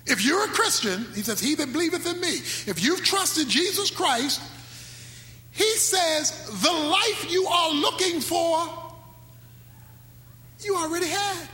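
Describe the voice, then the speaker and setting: A man preaching a sermon with speech, swinging between sudden shouts and slow, drawn-out phrases. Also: very high voice, expressive. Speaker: pastor. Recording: echoey hall with faint music.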